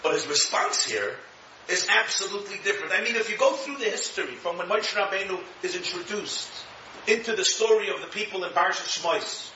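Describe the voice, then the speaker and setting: Bright-voiced rabbi in an echoey room. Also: male voice, high voice, brisk, a little hiss or hum. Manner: animated, acts out quotes, chuckles at own jokes. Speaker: rabbi teaching Torah. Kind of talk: lively Torah lecture. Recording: echoey room, distant mic, dull sound.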